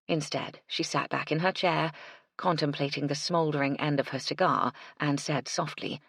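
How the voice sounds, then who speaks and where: A woman narrating an audiobook in a measured, expressive reading on a close mic. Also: low voice, no echo. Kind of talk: scripted narration.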